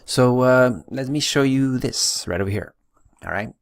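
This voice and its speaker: A man teaching a recorded Spanish grammar lesson, patiently drilling verb forms with slow, stressed repetitions. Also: medium pitch, gravelly. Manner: patient, drills conjugations slowly with emphasis.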